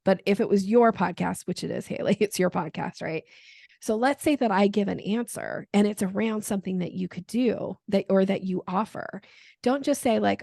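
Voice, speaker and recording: Gravelly-voiced woman sales coach, dry sound. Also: mid-range voice, moderate pace, dry recording. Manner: animated, acts out quoted dialogue with frequent laughs. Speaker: sales coach and podcast guest. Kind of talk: conversational interview.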